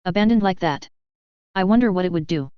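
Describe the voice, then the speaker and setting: Strict older witch professor, measured and grave, read by a woman, low smooth voice. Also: animated, no echo, highs cut off, close to an everyday voice.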